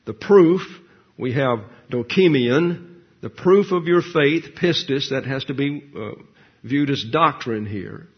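A man giving expository Bible teaching, explaining Greek words slowly and with emphasis. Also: medium pitch, breathy edge. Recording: dull lo-fi recording.

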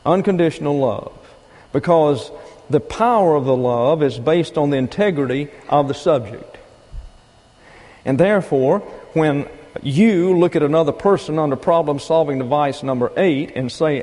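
An older man preaching a sermon, teaching deliberately and with emphasis, pausing for asides. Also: a little high, dark tone. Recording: long reverb of a large hall.

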